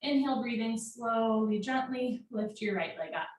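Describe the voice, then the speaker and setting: A woman teaching a live yoga class from home, calling out poses in steady, directive short commands. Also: a little high, moderate pace. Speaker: yoga instructor. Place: home room. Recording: very echoey room, mic far off, faint noise.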